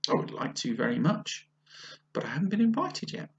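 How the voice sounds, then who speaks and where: Man putting on a curious polite little girl, storybook read-aloud, high lively voice, lo-fi sound. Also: a little fast, vocal fry, heavily acted.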